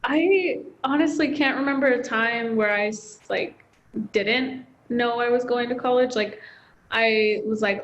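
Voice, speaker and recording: A woman's voice: on the high side, unhurried, highs cut off. Emotional young woman telling her story. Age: young adult. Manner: heartfelt, chatty with many fillers like "like". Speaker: student guest. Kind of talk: personal storytelling interview.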